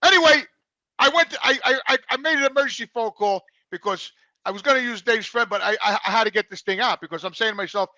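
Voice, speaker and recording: Excitable New man, high bright voice, rapid storyteller, swears freely. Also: no room sound, lo-fi sound. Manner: excitable storyteller, swears a lot, repeats words. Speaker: regular co-host. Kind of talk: casual chat, storytelling. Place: studio.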